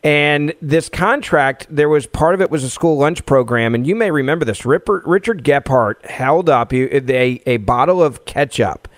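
Guest: man in his forties from Tennessee, lively storyteller, dry booth sound. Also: a little high, normal speed, few pauses, no echo. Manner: lively, laughs as he talks. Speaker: guest, radio host. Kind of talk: animated personal storytelling.

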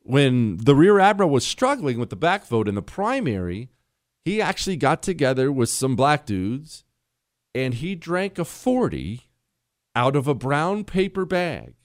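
A man's voice: on the high side, dry recording, studio quality. A man hosting a talk radio show, speaking bluntly and sarcastically with strong emphasis. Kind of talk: opinionated talk radio monologue.

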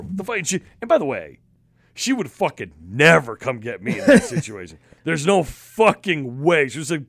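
A man co-hosting a podcast, telling stories in a casual, profane, animated way. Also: fairly high pitch, normal speed, dry recording, studio quality. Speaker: podcast co-host. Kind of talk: casual chat, storytelling.

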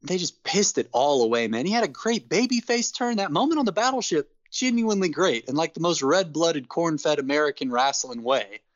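A man co-hosting a casual podcast, ranting in an animated, exasperated way and laughing between points. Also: fairly high pitch, normal speed, hardly any pauses, no room sound, lo-fi sound. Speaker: podcast co-host. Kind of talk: casual wrestling podcast chat.

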